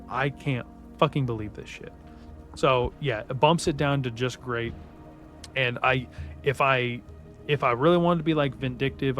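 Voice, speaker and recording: A man's voice: mid-range voice, a bit bright. A man giving a casual spoken book review in a heated, profanity-heavy rant.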